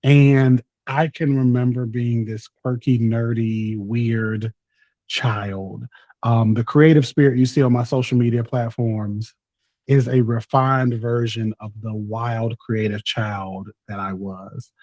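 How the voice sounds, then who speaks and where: A man's voice: medium pitch, steady tone, slow pace, a little mellow, no echo. A man in his thirties with a Southern US accent, a talkative, playful podcast guest in casual chat. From North Carolina, US. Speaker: podcast guest, content creator.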